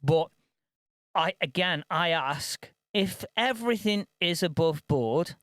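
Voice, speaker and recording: A high-pitched man holds forth on a podcast, swearing freely and stumbling over repeated words as the story tumbles out. The recording is close and dry, with no room sound at all. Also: takes it slowly, dry recording. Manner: sweary, animated, repeats himself. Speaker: podcast co-host. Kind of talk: casual storytelling chat.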